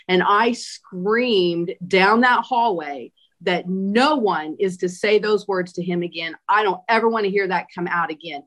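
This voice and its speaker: A woman's voice: lowish voice, a little slow, few pauses, fairly bright tone. A woman giving an interview, retelling a personal experience emphatically with many fillers. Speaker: interview guest. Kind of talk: personal account in a conversational interview.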